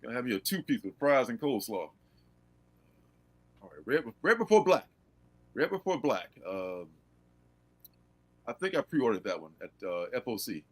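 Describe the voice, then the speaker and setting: A man hosting a casual comics livestream, animated and laughing, reading blurbs aloud. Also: medium pitch, normal speed, long pauses. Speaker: host.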